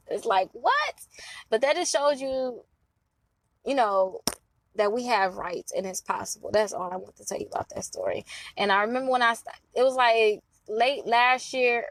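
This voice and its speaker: A woman's voice: on the high side, a bit bright, rough recording. A woman from Milwaukee giving casual to-camera advice on credit repair, chatty and laughing, acting out clients' voices. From Milwaukee, Wisconsin.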